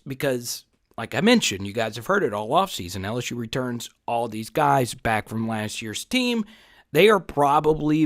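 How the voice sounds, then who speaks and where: A man hosting a college football channel, talking with excitable, hype-driven energy and jokes. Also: medium pitch. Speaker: sports channel host. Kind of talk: energetic sports commentary vlog.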